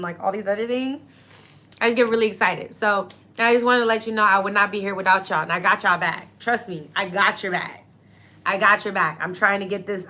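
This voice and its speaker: Young woman, astrology host, bright voice, effusive, teary, casual chat. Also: mid-range voice. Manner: effusive, grateful, talks to viewers directly. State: tearful with happiness. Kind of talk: casual emotional astrology talk.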